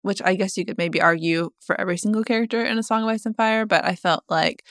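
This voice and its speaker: A woman co-hosting a podcast in casual book-discussion chat, talkative and quick to laugh. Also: medium pitch, fairly bright tone, no echo, clean studio sound. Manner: chatty, laughs easily. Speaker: podcast co-host.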